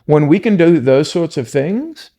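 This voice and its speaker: A man's voice: on the high side, lively intonation, unhurried, dark tone. A man from South Africa, a podcast guest, talking earnestly and from the heart in a coaching tone. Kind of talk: casual podcast conversation.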